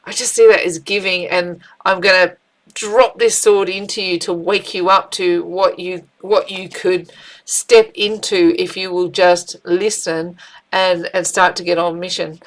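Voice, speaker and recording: A middle-aged woman giving a casual spiritual tarot reading, chatty and animated, with frequent fillers and restarts. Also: fairly low pitch, measured pace, low-quality recording. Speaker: tarot reader.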